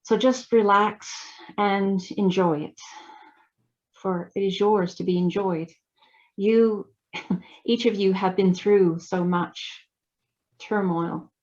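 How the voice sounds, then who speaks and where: A woman channeling Father God, a loving divine father spirit, speaking in slow, halting blessings over muffled video-call audio. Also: mid-range voice, fairly even intonation, darkish tone, natural voice. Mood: tender, reassuring. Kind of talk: trance channeling.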